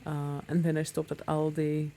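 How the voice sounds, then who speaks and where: A chatty woman vlogs from her motorbike, her voice low-toned, mellow and a touch gravelly. She rambles along with plenty of ums, talking casually to her viewers. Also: monotone, normal speed, a little hiss or hum. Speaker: motorcycle vlogger. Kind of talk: casual talk to camera while riding.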